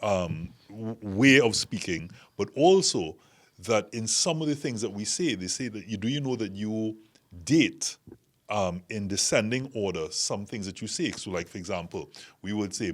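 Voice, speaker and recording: A man's voice: fairly low pitch, expressive, moderate pace. A man with a Trinidadian accent hosting a casual group discussion, talking in long, reflective, winding sentences. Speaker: podcast host.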